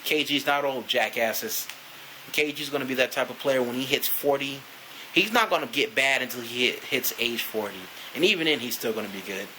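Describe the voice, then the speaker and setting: A man with a bright, forceful voice rants loosely to camera about his team. He swears freely and rambles, leaning on "you know" between thoughts. A faint hiss sits under the recording. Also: medium pitch, normal speed, poor audio. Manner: profane, rambling, frequent "you know" fillers. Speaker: vlogger, sports fan. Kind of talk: casual fan rant to camera.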